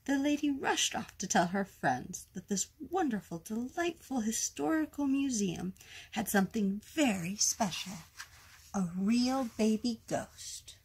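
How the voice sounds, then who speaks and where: A woman reading a children's picture book aloud in a gentle, expressive storytime manner. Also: a little high, a little slow, breathy edge. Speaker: storytime reader.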